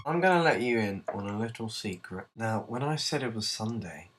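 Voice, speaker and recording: A young man hosting his own vlog at home in a goofy, self-mocking, excitable way. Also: on the low side, fairly quick, distant mic, soft background music. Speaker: vlogger host. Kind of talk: jokey casual vlog.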